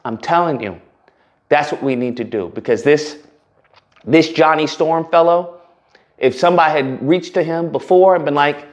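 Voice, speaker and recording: Emphatic, sarcastic man with a high voice. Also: moderate pace, muffled recording. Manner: emphatic, sarcastic, repeats himself. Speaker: channel host. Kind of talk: commentary vlog.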